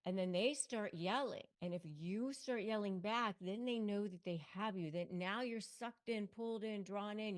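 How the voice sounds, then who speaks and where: A middle-aged woman, a lawyer and coach, giving motivational advice straight to camera with emphatic, punchy repeated phrases. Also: mid-range voice.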